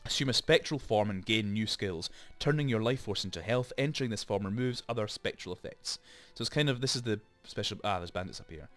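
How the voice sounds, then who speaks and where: A man's voice: lowish voice, fairly quick, few pauses, fairly bright tone, soft background music. A man hosting a let's play, chatting and rambling through explanations with lots of asides, into a desk microphone. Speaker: gaming channel host.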